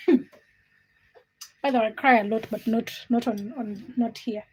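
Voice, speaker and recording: A woman's voice: on the high side, steady tone, measured pace, husky. A young woman, hosting a casual livestream and chatting with viewers by name in a giggly, teasing way. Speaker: livestream host. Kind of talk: casual livestream chat reading comments.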